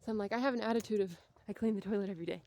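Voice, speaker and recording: A woman's voice: medium pitch, rapid-fire, mellow. A woman in her thirties rambling casually in a vlog, slightly out of breath as she walks outdoors. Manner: chatty, rambling, tangents. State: out of breath from walking. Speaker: vlogger. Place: outdoors, walking on a street.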